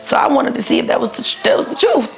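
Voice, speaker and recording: A woman in her thirties tells her own story casually and fast, her high voice creaky, with soft music in the background. She's blunt and profane, animatedly acting out the people she quotes.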